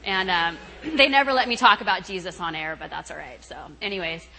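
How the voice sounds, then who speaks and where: A woman's voice: lowish voice, expressive, fairly quick, sharp tone, a little hiss or hum, rough recording. A middle-aged woman giving a chatty, laughing retreat talk, acting out the voices of others as she tells a story. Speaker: guest speaker at a retreat.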